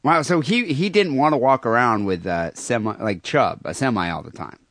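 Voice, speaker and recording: A man's voice: mid-range voice, lively intonation, normal speed, a bit bright, dry recording, clean studio sound. A man co-hosting a comedy podcast, riffing on crude jokes in casual banter full of "I mean" and "you know". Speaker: podcast co-host.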